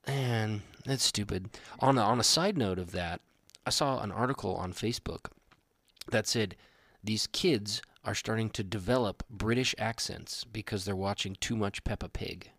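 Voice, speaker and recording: Low-voiced man telling rambling stories. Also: normal speed, dry recording. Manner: rambling, animated storytelling with restarts. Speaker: podcast co-host. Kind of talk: casual chat.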